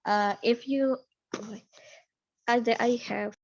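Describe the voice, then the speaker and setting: A woman's voice: on the high side, fairly even intonation, takes it slowly, no room sound. A young woman, a guest speaker answering questions in a casual online discussion, hesitant and full of fillers. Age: 20s. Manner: hesitant, searching for words, many fillers. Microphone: video call. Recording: muffled lo-fi call audio.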